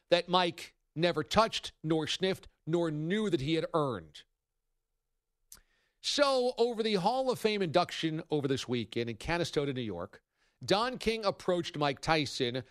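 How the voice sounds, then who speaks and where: A male sports radio host delivers a wry, animated monologue in a fairly high voice. The sound is dry and close, recorded in a studio. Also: dry recording.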